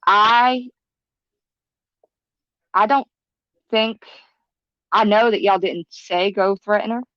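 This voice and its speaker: A woman's voice: mid-range voice, slow pace, fairly bright tone, dry recording. A woman with a Southern US accent co-hosting a livestream, speaking hesitantly with frequent restarts. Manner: hesitant, restarts, addresses viewers as y'all. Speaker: livestream co-host. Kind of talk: livestream chat. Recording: dull dry stream audio.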